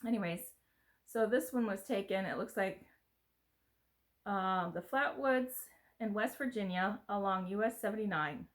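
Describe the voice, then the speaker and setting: A middle-aged woman from the US talks through unboxing gifts for her home vlog in a casual, somewhat rambling way. She speaks with a mid-range voice at a measured pace.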